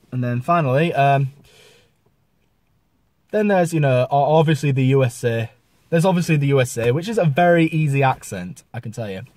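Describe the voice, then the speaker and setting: A man's voice: medium pitch, animated, normal speed, pauses often, a little mellow, no room sound. A man hosting a comedy vlog with self-deprecating, apologetic asides. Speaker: vlogger.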